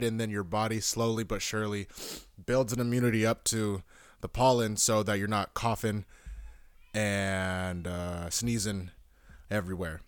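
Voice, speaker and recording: Low-voiced man rambling casually, dry sound. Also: smooth, no echo. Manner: rambling, profane, self-correcting. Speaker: podcast host. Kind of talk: casual solo podcast talk.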